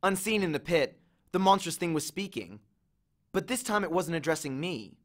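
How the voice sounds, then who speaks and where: Man reading an audiobook, higher voice. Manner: measured, expressive storytelling. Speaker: audiobook reader. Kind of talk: first-person audiobook narration.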